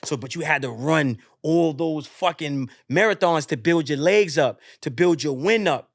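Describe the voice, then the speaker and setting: A young adult man, a podcast guest, telling a profane, animated motivational story in casual chat and acting out the voices in it. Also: fairly high pitch, normal speed, dry recording, studio quality. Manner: profane, animated, acts out voices in his stories.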